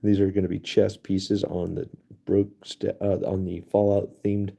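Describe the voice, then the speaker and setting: A man hosting a casual live stream outdoors on a cold night, chatty and laughing often, his voice going hoarse. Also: low voice, flat delivery, unhurried, dark tone. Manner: chatty, laughs often, addresses viewers as guys. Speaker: livestream host.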